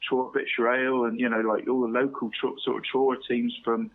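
A man's voice: medium pitch, flat delivery, fairly quick. Matey man on a tinny phone line. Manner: matey, laughing, says "mate" constantly. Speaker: radio show co-host. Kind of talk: casual chat.

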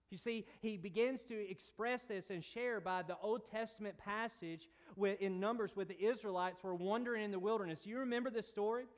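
A man preaching a sermon, retelling a scripture story with playful asides and big swings between quiet and emphatic delivery. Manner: storytelling, rises and drops in pitch and volume, playful asides.

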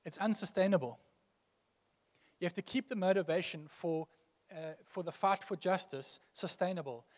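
A man's voice: high voice, normal speed, long reverb tail. A male pastor preaching a sermon earnestly, building emphasis through repeated phrases.

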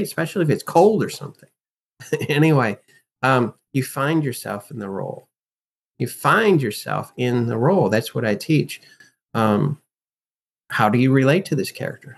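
A man talking as a guest in an interview, an acting and life coach who speaks emphatically and animatedly and teaches through rhetorical questions. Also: medium pitch. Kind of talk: casual interview talk.

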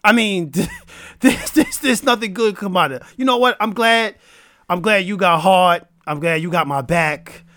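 A man hosting a podcast, telling a story in a casual, animated and preachy way. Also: sits high, unhurried, no room sound. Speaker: podcast host.

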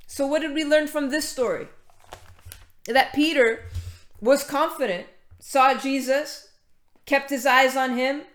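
A woman preaching a casual sermon, reading scripture and chatting informally with many fillers and restarts. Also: high-pitched. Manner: conversational, many fillers and restarts, greets latecomers mid-talk. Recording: echoey room.

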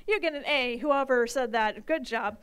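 Woman pastor, high pitch, lively and playful sermon delivery before a congregation. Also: normal speed, clear, resonant tone. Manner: animated, playful, with bursts of emphasis. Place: church service with live audience.

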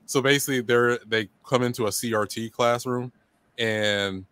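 A man's voice: mid-range voice, steady tone, moderate pace, fairly bright tone, clean tone. A man co-hosting a podcast, retelling a scene in loose casual chat. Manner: loose storytelling, acting out quotes.

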